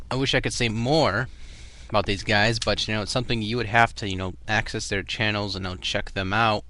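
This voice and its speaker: A man's voice: fairly low pitch, bright, forceful tone. A young man with a Boston accent, chatting casually in a rambling vlog full of fillers and restarts. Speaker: vlogger.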